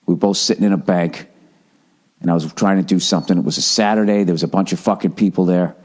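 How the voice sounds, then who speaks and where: A man's voice: sits low, steady tone, quick pace, darkish tone. A man in his forties hosting a podcast, telling a long exasperated story in a casual, profane monologue. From Massachusetts. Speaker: podcast host.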